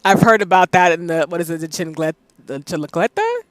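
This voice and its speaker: A streamer from the Southern United States chatting casually on a live stream, animated and quick to laugh. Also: mid-range voice, no echo.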